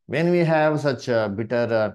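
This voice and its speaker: A man with an Indian English accent teaching a Bible study in a sermon style, speaking haltingly with many fillers and calling the listeners "dear brethren". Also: mid-range voice, expressive, darkish tone. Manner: slow, halting delivery with many "uh" and "you see" fillers.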